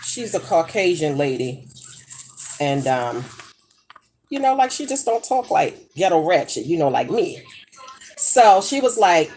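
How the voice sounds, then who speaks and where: A woman's voice: medium pitch, very animated, normal speed, a little mellow, slight background noise. A middle-aged woman chatting casually while she cooks in her home kitchen, brash and profane as she tells gossipy stories. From United States. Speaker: vlogger. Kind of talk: casual chat while cooking.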